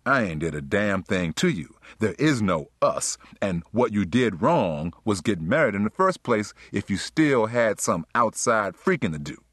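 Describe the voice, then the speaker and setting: Blunt street-casual young guy, defensive, lively delivery, done by a male reader. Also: fairly low pitch, measured pace, few pauses, dry recording, clean studio sound, exaggerated voice. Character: defensive young man, a cheating fiancé.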